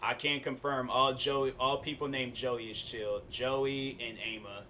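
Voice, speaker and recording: A young man streaming a game, chatting casually with viewers and telling stories in relaxed slang. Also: mid-range voice, a little slow, slight background noise. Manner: laid-back, chatty, storytelling with slang. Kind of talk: casual gaming stream chat.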